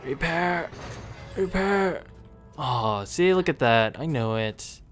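A man's voice: medium pitch, measured pace, soft background music. A man giving casual commentary over his own gameplay, chatting to the screen and coaxing the units along. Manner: chatty, talks to the game units, sudden excited outbursts. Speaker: gaming video creator.

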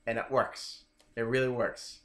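A man's voice: medium pitch, little pitch movement, unhurried, fairly bright tone. Chatty man in an echoey room. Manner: chatty, keeps checking in with "right?". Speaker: dating coach guest. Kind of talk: casual interview talk. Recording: roomy echoing room.

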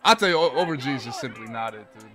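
A man's voice: medium pitch, animated, racing, bright, forceful tone, soft background music. A young man streaming a football video game, swearing and venting his frustration at the game as he plays. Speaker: gaming streamer. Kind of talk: live gameplay commentary.

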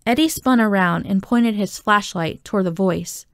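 A woman reading a children's novel aloud, telling the story in a steady, expressive way. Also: mid-range voice, normal speed, no room sound, studio quality. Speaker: audiobook reader.

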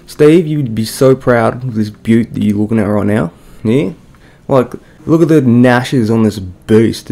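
A man voicing a brash, loud male Australian crocodile-hunter presenter with a broad Australian accent and an exaggerated, slang-heavy delivery. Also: lowish voice, creaky. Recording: echoey room.

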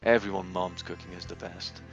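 A man's voice: low-pitched, steady tone, moderate pace, soft background music. A young man playing through a game, reading its dialogue aloud and cracking ironic jokes in between. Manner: jokey, ironic asides, puts on voices for characters. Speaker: let's play commentator.

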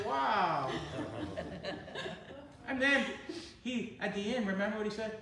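Man, pastor, excitable storytelling sermon, bright, far from the mic in a booming echoey church. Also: slow pace, creaky, long pauses. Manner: excitable, storytelling, building to shouts. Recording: echoey sanctuary from far off, faint noise.

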